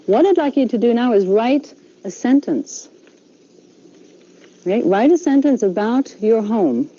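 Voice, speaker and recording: A woman's voice: a little high, expressive, measured pace, warm tone, husky, highs cut off. A woman language teacher giving patient classroom instructions, repeating herself often and checking in with "okay".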